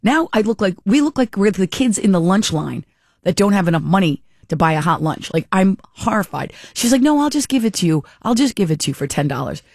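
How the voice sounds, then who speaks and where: A woman's voice: on the low side, lively intonation, a little fast, creaky, a little mellow, no echo, clean studio sound. A middle-aged woman telling a rambling, casual story, chatty and amused, often correcting herself mid-sentence. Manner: chatty and rambling, with frequent restarts and self-corrections.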